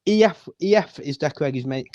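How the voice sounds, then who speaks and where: A man with a Manchester accent in casual chat as a caller on a live stream, excitable and sweary, often stammering and restarting his words. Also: on the high side, brisk, no echo, muffled recording. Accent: Mancunian. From England. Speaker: caller on a livestream panel.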